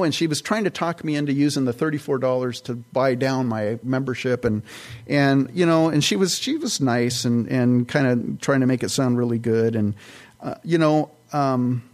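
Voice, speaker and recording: A male pastor delivers a sermon in an everyday, chatty manner. He wanders into side stories and restarts his sentences as he talks, at a middle pitch. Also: a little mellow. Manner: conversational, rambling with restarts and side notes.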